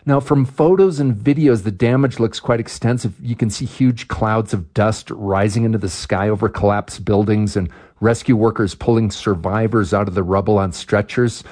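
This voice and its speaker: A man's voice: fairly low pitch, fairly even intonation, normal speed, hardly any pauses, darkish tone. A man, a reporter, describing a news event in plain, conversational reporting.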